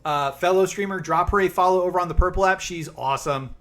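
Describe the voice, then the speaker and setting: Bright, high-voiced upbeat male streamer. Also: fast talker, soft background music. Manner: upbeat, chatty, answers viewers by name. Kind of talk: casual live stream chat.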